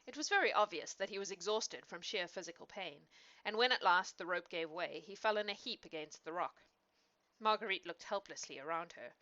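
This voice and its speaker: A woman narrating an audiobook with expressive storytelling, on a dull lo-fi recording. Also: on the low side, fairly quick. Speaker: audiobook reader.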